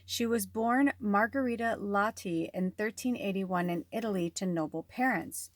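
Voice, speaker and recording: A woman's voice: medium pitch, normal speed, no room sound. A woman giving a casual spiritual card reading in a rambling, chatty way, full of fillers, recorded at home on a farm. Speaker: tarot and oracle card reader.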